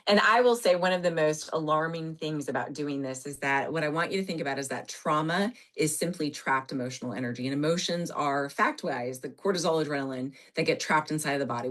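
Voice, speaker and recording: A woman therapist speaking from her office on a podcast, explaining earnestly with animated emphasis. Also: low voice, brisk. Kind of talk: podcast conversation.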